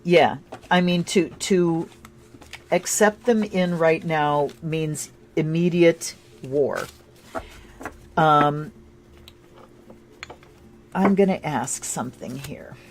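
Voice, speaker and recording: Woman, tarot and astrology reader, casual and chatty, excitable bursts. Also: deep voice, drawn-out words, pauses often. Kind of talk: casual livestream tarot reading.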